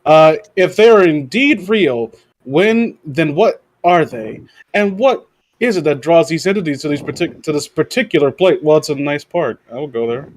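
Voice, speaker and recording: Podcast host guy, a bit high voiced, jokey, stumbles reading stuff out. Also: expressive. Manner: reads aloud haltingly, joking. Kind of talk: casual podcast chat.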